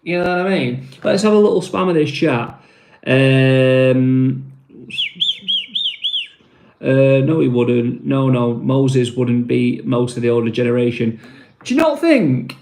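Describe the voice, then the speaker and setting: A man's voice: medium pitch, lively intonation, takes it slowly, gravelly, long pauses, darkish tone, slight background noise. Rambling Mancunian man in a roomy space. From Manchester, England. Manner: rambling, filler-heavy, calls viewers mate. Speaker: live-stream host. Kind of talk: casual live-stream chat.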